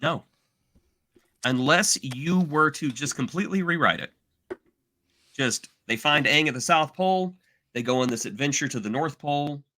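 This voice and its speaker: A man co-hosting a podcast in casual, animated chat, exaggerating and slipping into mock voices. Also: fairly high pitch, moderate pace, long pauses. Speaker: podcast co-host.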